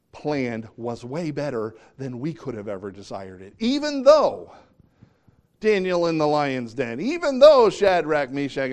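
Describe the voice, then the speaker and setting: A man preaching a sermon, reading scripture and acting out quotes, swinging between hushed and loud delivery. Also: medium pitch.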